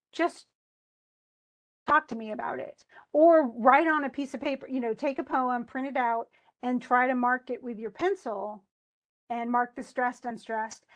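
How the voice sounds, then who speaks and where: A woman teaching a class, talking in a loose, conversational way full of restarts and asides. Her voice sits a little higher than most. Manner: chatty, with many restarts and asides. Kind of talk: recorded class lecture.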